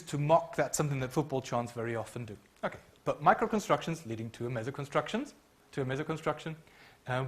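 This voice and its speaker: A middle-aged man lecturing at a university, his voice sitting a little high for a man. He explains patiently, hedging with frequent ums and now and then humming a tune to show a point. He speaks into a microphone in a lecture room. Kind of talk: academic lecture.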